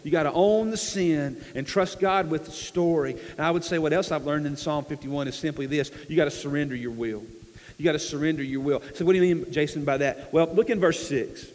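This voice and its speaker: High-voiced preacher in a reverberant hall. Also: male voice, brisk, darkish tone. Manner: earnest, repetitive preaching with acted-out quotes. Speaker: pastor. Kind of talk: sermon.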